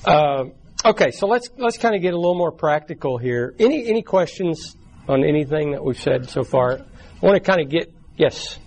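A man's voice: on the high side, animated, moderate pace, a little mellow, a little hiss or hum, low-quality recording. A man leading a church small group class in a casual, talky way, often restarting words and briefly acting out quoted voices, recorded in a room with the group. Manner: acts out quoted voices in short bursts. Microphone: taped from the room.

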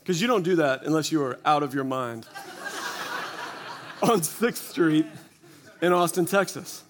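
His voice is high and a bit bright as this man in his forties stands before an audience at a church gathering. He gives a humorous testimony at his own expense, telling stories sprinkled with quoted asides.

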